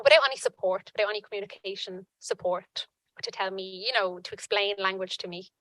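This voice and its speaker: A woman giving earnest personal testimony at a conference panel, halting with frequent restarts. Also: medium pitch, sharp tone, no echo, rough recording.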